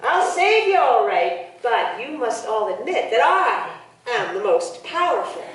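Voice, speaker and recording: A smug little talking tongue from a folk tale, sly and proud of its power, as a woman storyteller puts it on. The voice is high and distant, ringing through a very echoey hall. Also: sing-song, measured pace. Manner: smug, knowing.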